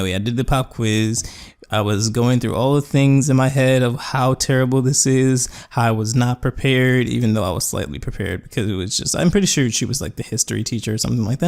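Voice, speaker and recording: A young man casually telling a rambling story, with fillers and quoted voices. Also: medium pitch. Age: young adult. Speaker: gaming YouTuber. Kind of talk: storytelling over gameplay.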